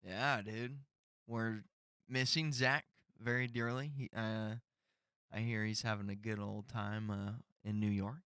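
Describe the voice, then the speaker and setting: Man, young adult, podcast co-host, easygoing slangy chat, smooth resonant voice. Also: on the low side, little pitch movement, measured pace, fairly bright tone, no room sound, studio quality. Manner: easygoing and slangy, with short agreeing replies.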